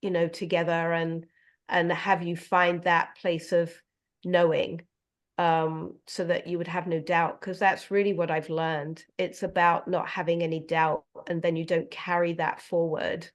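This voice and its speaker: Middle-aged woman, animal communicator, soft emotional delivery with a slightly low voice, heard over a video call. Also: little pitch movement, unhurried. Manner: gentle, emotional, many fillers. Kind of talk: heartfelt casual conversation.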